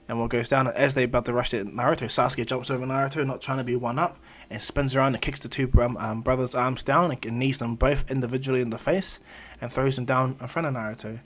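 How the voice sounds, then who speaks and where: A man's voice: mid-range voice, fairly even intonation, quick pace, few pauses. A man improvising a fan story in a rambling, filler-heavy way.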